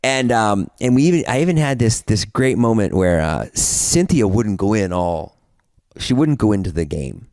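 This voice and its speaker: A man's voice: lowish voice, very animated, normal speed, a little mellow, no room sound, clean studio sound. Rambling young man telling a story. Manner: rambling, many fillers and restarts. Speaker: podcast guest. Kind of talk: casual storytelling chat.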